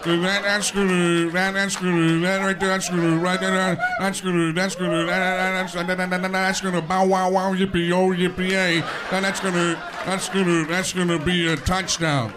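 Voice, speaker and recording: A comedian imitates a rambling older male football announcer who stammers, loops back over his own words and trails off. The voice comes loud and emphatic over live stage noise. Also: high-pitched, little pitch movement, close to an everyday voice. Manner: halting, stammering, repeating words. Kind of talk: stand-up impression.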